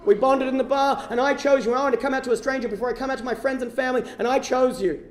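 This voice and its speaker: A big drunk sailor, acted out by a man, pleads again and again in a high, strained, emotional voice. He is clingy and insistent, and the voice rings in a roomy hall. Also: fairly even intonation, racing. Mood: earnest.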